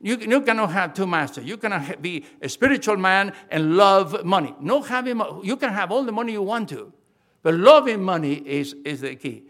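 Older guy preaching, high voice, emphatic, keeps repeating the main point and restarting sentences. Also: expressive, normal speed, a bit bright. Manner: emphatic, repeats key phrases, frequent restarts. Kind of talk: sermon.

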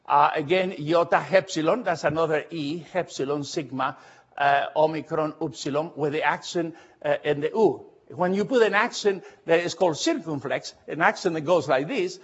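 A man with a high, husky voice leads a Bible study lecture. He talks earnestly and haltingly, stops often to ask whether his listeners follow, and spells out Greek letters slowly. The recording sounds dull and lo-fi. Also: a bit bright. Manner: earnest, halting, often checks understanding with questions.

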